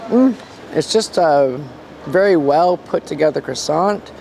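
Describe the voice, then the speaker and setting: Gravelly, high-voiced man vlogging outdoors. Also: animated, measured pace, a little mellow, slight background noise. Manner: playful, reviewing pastries as he eats. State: stuffy nose. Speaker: food vlogger in costume. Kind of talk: casual food vlog narration.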